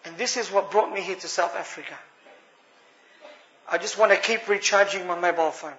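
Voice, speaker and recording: Brothers is how this Australian man addresses the gathering as he shares an earnest personal testimony. His high-sitting voice is a little fast, pushed and bright, heard through a dull lo-fi recording.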